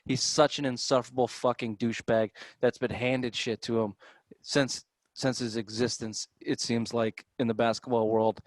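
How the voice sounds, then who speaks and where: A man with a Boston accent hosting a casual sports podcast, animated and profane, his voice jumping up when he gets worked up. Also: medium pitch, moderate pace, dry recording.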